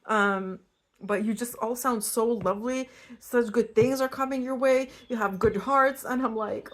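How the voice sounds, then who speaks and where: A young woman from Eastern Europe giving a casual pick-a-card tarot reading, chatty and animated and prone to tangents. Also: on the high side, unhurried. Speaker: tarot reader.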